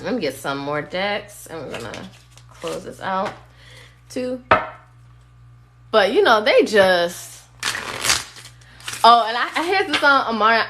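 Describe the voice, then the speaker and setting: A woman's voice: mid-range voice, very animated, slow, long pauses, noisy background. A woman giving a casual, blunt tarot reading on a phone live stream, sometimes singing bits of songs. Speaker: tarot reader.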